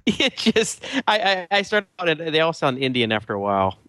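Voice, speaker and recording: A man co-hosting a podcast, talking in a thoughtful, halting way with many restarts. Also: on the high side, very animated, sharp tone, no room sound, clean studio sound. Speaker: podcast co-host. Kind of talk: casual chat.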